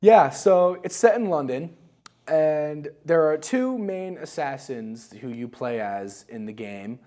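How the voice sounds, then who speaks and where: A man's voice: fairly high pitch, lively intonation, slow, dark tone. A man co-hosting a video game show, chatting loosely and rambling through a review, laughing at his own stories. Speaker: co-host of a gaming show. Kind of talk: casual game review chat.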